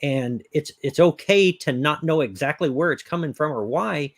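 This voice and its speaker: A man talks earnestly and thoughtfully on a live web talk show. His voice sits a little high, and the recording is dry and close. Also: moderate pace, no room sound. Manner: reflective, earnest. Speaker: co-host. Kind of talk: casual chat.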